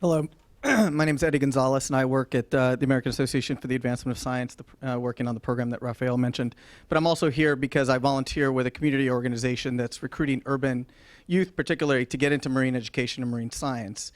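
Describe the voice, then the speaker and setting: A man's voice: medium pitch, fairly even intonation, no room sound. A man from the audience introducing himself and asking the panel an articulate question. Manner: articulate, measured, quick. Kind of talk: question from the floor.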